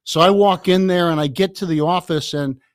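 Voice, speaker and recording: Lively older male storyteller. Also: high-pitched, a little fast, no room sound, clean studio sound. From Chicago area, USA. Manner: lively, laughs often, repeats words. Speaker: guest, author. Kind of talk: anecdotal storytelling in a podcast interview.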